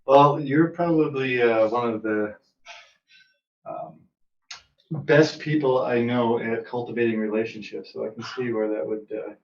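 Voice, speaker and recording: A man's voice: mid-range voice, steady tone, unhurried, darkish tone. Guy co-hosting a podcast, kinda hesitant, lots of ums, far from the mic in a roomy space. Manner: easygoing, hesitant with fillers. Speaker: podcast co-host. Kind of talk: casual podcast chat. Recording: roomy, distant, dull mic sound.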